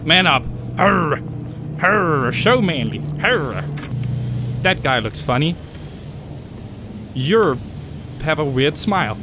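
A man's voice: a little high, big pitch swings, unhurried, long pauses, noisy background. Jumpy screaming horror gamer guy. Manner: jumpy, screams and swears at scares, joking. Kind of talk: horror game commentary. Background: game music.

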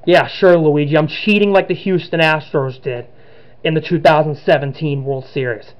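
A man giving excitable let's-play commentary on a horror game, narrating each move as he plays. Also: fairly high pitch, moderate pace, muffled recording. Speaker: gaming channel host.

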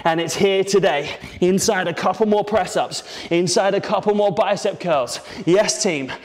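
A man's voice: high voice, normal speed. A man coaching a kettlebell workout, counting reps and cheering people on with lots of energy. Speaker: fitness instructor. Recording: roomy with long reverb.

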